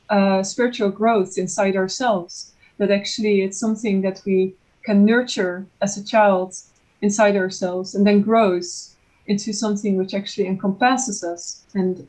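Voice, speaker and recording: A woman from the audience asks a long question. She hesitates often and restarts her phrases, with an even, mid-pitched voice. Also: rough recording. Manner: hesitant, with many fillers and restarts. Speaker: audience member asking a question. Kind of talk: asking a question.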